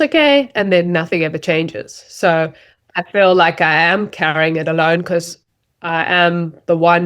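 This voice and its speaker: A woman, speaking earnestly and anxiously about money worries as a guest. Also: on the low side. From South Africa. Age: 30s. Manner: earnest, anxious, many "like" fillers. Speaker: guest, wife. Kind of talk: emotional candid conversation.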